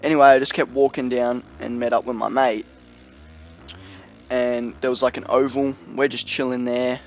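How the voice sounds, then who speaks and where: A man's voice: mid-range voice, little pitch movement, moderate pace, slight background noise. A young man telling a story in a loose, rambling storytime vlog, full of slang and fillers. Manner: rambling, slangy, lots of "you know" and "like". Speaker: vlogger.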